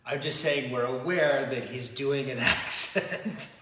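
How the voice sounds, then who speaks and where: A man's voice: mid-range voice, measured pace. A man in casual chat over drinks, teasing his companion and laughing often. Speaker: co-host. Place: home bar. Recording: echoey room with long reverb, faint hiss.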